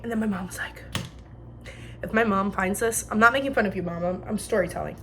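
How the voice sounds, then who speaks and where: Cooking at home, a twenty-something vlogger from New Jersey animatedly retells stories in casual, slang-filled chatter. She talks briskly in a mid-range voice, and there is slight background noise.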